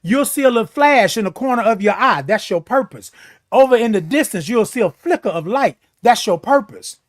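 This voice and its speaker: A man's voice: high-pitched, animated, fairly quick. A man hosting a motivational morning talk, preaching self-worth with repetition and playful beeping sounds. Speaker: host. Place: seated in a chair.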